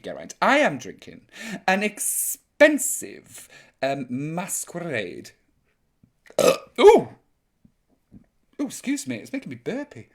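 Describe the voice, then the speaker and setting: A man's voice: on the high side, sharp tone. A man hosting a live chat show as a drag grandma persona, reading viewer comments in a camp, theatrical, mock-offended and bawdy way.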